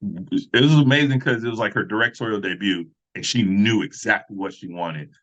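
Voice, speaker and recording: Man, 30s, actor guest, deep voice, relaxed storyteller, dull lo-fi audio. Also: normal speed. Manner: relaxed storyteller who acts out other voices. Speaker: actor and fight coordinator. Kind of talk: casual podcast interview. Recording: slightly dull lo-fi sound.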